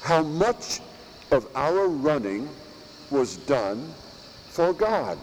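Man, priest giving a sermon, slow deliberate delivery, lively rising and falling pitch, long hall echo. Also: a little hiss or hum. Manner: slow, emphatic preaching with long pauses and rhetorical questions. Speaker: priest teaching at a monastery. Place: church or monastery chapel.

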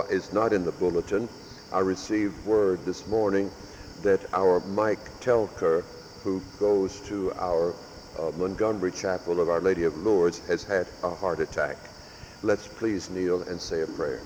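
A man preaching as a parish priest, measured and emphatic, stressing and repeating key words. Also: low-pitched, fairly even intonation, darkish tone, highs cut off. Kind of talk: sermon with announcements. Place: large church with long reverb. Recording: echoey church hall with faint background noise.

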